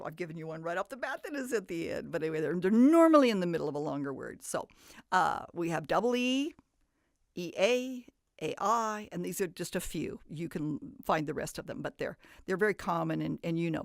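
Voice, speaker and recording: A woman's voice: fairly low pitch, gravelly, dry recording, clean studio sound. A woman teaching a phonics lesson, patiently explaining step by step and stressing the sounds she demonstrates. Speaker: reading teacher.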